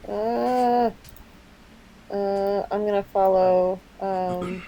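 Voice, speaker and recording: A woman's voice: medium pitch, fairly even intonation, extremely slow, mellow, rough recording. A woman playing a tabletop game, tentative and thoughtful in her suggestions. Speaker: player. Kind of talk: casual tabletop game chat.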